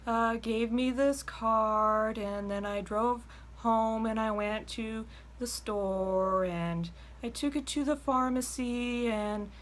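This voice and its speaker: Rambling caller, woman puts it on: high, very slow, meandering. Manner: drawn-out, meandering.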